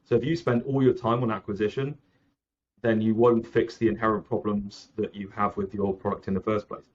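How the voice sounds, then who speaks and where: A man's voice: on the low side, flat delivery, brisk. Rambling man, slightly muffled audio. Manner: rambling, self-correcting, frequent "like" and "um". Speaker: app founder, guest. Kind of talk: casual interview talk.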